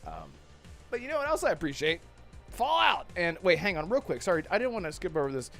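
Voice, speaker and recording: A man's voice: sits high, huge pitch swings, fast talker, gravelly, sharp tone, faint music behind. A man hosting a casual live gaming podcast, laughing often and tripping over his words. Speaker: podcast host. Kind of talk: casual live-stream chat.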